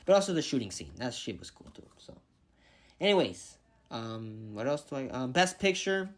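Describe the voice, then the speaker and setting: A man's voice: medium pitch, big pitch swings, moderate pace. A man giving a casual movie review vlog, rambling and thinking aloud, swearing freely as he picks his favorites.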